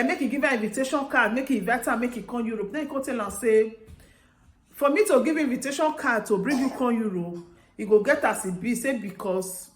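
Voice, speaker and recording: A woman with a Nigerian Pidgin accent telling a story casually to her viewers, lively, acting out the people she quotes and often laughing. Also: high voice. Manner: animated, acts out quoted voices with laughter. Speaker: vlogger. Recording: roomy echo.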